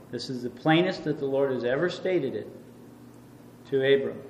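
A man's voice: on the high side, expressive, normal speed. A middle-aged male pastor preaching a sermon. He reads scripture aloud in old-fashioned wording and stresses points with emphatic repetition. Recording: echoey church hall with faint ambience.

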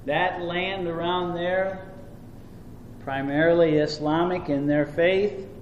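A man's voice: a little high, fairly even intonation, takes it slowly, dull audio, slight background noise. A middle-aged male pastor preaching a sermon. He reads scripture aloud in old-fashioned wording and stresses points with emphatic repetition. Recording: echoey church hall with faint ambience.

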